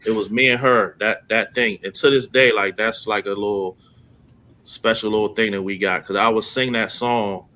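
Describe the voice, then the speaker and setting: A man, a father, chatting casually on a podcast in a loose, halting way full of fillers. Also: fairly low pitch, steady tone, pushed and bright.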